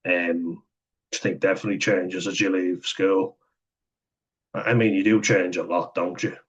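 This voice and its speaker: A man's voice: low voice, flat delivery, normal speed, fairly bright tone, husky, highs cut off. A young Irish man telling candid, sweary stories in a casual vlog, chuckling now and then. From Ireland. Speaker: vlogger. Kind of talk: casual storytelling monologue.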